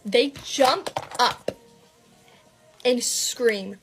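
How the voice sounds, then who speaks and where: A woman's voice: a little high, fairly even intonation, a bit bright, slight background noise. Dramatic young woman telling a story. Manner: fast and dramatic, full of "like" fillers and swearing. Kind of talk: casual storytime narration.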